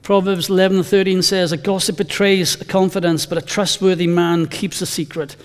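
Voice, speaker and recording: Male pastor, conversational sermon, high voice, long church-hall reverb. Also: flat delivery, moderate pace. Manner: conversational, anecdotal, emphatic scripture reading.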